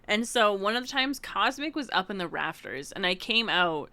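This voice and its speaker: A woman livestreamer telling a story in casual chat with her viewers, excitable and laughing often. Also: mid-range voice, normal speed. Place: room at home, alone.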